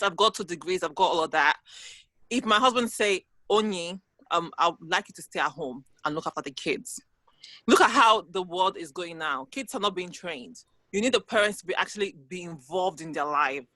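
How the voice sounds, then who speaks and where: A woman's voice: medium pitch, pushed and bright, no echo, rough recording. A woman sharing her views earnestly on a video panel discussion, often hedging with "like". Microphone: video call.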